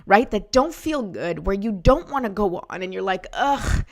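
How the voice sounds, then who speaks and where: A woman's voice: mid-range voice, expressive, normal speed, vocal fry. A woman hosting a motivational talk, encouraging and personal, often checking in with the listener. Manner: encouraging, repeats "right?" to the listener. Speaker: host.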